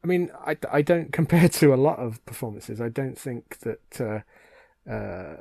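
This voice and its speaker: A man's voice: medium pitch, expressive, unhurried, gravelly, warm tone, dry recording. Chatty British man, dry close sound. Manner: chatty, enthusiastic, trails off and restarts often. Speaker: podcast co-host. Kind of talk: casual chat.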